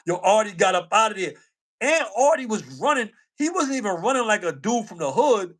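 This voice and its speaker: A man's voice: sits high, expressive, normal speed, fairly bright tone. A man co-hosting a casual livestream chat, slangy, repeating himself and laughing often. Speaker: co-host.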